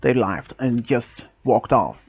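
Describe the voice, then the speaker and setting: A man's voice: mid-range voice, lively intonation, slightly rough, no echo. Hesitant man telling a story. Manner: halting, with frequent restarts and non-native phrasing. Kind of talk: casual first-person story narration.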